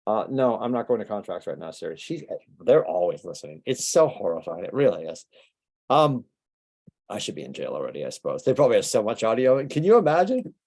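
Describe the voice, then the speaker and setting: Mellow-voiced male business coach. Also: lowish voice, big pitch swings. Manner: conversational, rapid-fire rhetorical questions. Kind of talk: motivational training talk.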